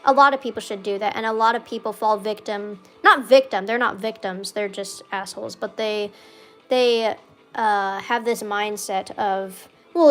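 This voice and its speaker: A young woman chatting casually over gameplay, rambling with lots of "like" and swearing freely, with loud outbursts when the game goes wrong. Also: mid-range voice. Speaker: gaming streamer.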